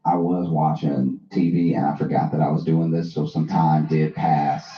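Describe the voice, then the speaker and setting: A man hosting a casual talk, telling a funny story in a dry, deadpan way. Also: rumbling low, normal speed, slight background noise. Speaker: host. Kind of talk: comic storytelling. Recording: roomy, slightly dull recording.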